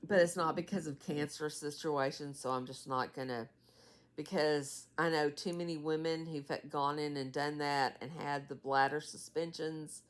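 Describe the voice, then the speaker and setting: A woman's voice: low voice, steady tone, moderate pace. A woman in her sixties giving a rambling, tired casual vlog update as her mother's caregiver. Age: 60s. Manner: rambling, many fillers and trailing asides. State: tired, yawning.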